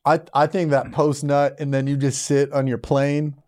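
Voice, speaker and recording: A man's voice: fairly high pitch, level tone, darkish tone. A man co-hosting a podcast, teasing and joking in crude banter. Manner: quick joking, playful teasing. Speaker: podcast co-host.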